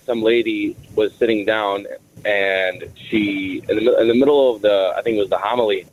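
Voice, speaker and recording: A man's voice: on the low side, fairly even intonation, moderate pace, a little hiss or hum. A man from Michigan calling in to a radio show and telling his story in a hesitant, rambling way. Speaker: radio caller. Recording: dull phone line.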